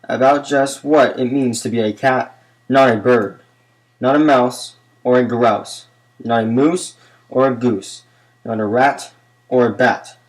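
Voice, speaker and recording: A man's voice: medium pitch, fairly even intonation, unhurried, close to an everyday voice, low-quality recording. A man reading aloud and voicing a mother cat who lectures her son. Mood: scolding. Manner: scolding, lecturing.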